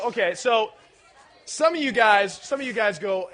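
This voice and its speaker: Bright-voiced man preaching to teens. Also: high-pitched, normal speed, some chatter behind. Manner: animated, playful, shouting at peaks, audience questions. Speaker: youth pastor. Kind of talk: energetic youth-group sermon.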